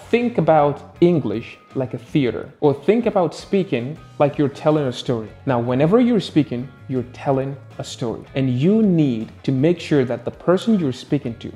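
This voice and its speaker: Lively man teaching, warm voice. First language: Arabic. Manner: lively, playful, swings pitch up and down for emphasis. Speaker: English tutor. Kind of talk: casual video lesson.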